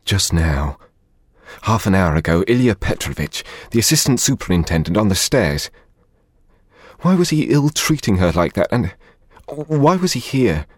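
A man voicing a feverish, frightened young man who asks anxious, pleading questions in a low, husky voice. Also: sing-song, moderate pace, no echo, clean studio sound.

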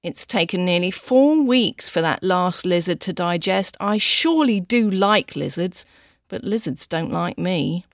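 A woman voicing a grumpy male lizard in a storybook, slow and grumbling. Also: fairly low pitch, expressive, dry recording, clean studio sound.

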